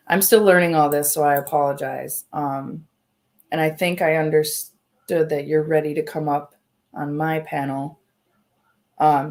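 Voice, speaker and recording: A woman's voice: sits low, darkish tone. A woman hosting a livestream, speaking in a heated, confrontational way and swearing often. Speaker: livestream host. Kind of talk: angry livestream address.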